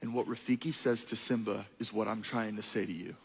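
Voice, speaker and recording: A young man preaching a sermon, telling a story in an animated, playful way. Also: fairly low pitch, a little fast, husky, long reverb tail.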